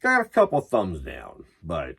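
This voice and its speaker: A man vlogging about metal while drunk and high, rambling loosely and swearing as he talks. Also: wildly swooping pitch, measured pace, vocal fry, fairly bright tone, husky. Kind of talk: rambling casual vlog.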